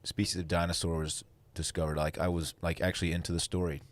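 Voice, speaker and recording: A man's voice: sits low, level tone, quick pace, no room sound. A young man co-hosting a podcast, chatting casually and joking at his own expense. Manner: self-deprecating, joking. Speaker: podcast co-host. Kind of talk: casual banter among friends.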